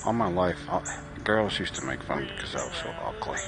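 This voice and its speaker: A man delivering a mournful, halting comedy monologue as a radio host. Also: sits low, wildly swooping pitch, creaky, music in the background.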